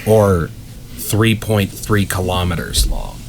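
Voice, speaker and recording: A man's voice: low-pitched, very animated, takes it slowly, vocal fry, a little hiss or hum. A man hosting a casual podcast, friendly and a bit wordy as he talks with his guest. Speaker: podcast host.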